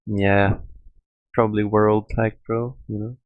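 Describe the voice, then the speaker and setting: A man co-commentating a gaming league draft, relaxed and easygoing with lots of fillers. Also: on the low side, takes it slowly, no echo, narrow, tinny audio. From Europe. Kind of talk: casual stream commentary.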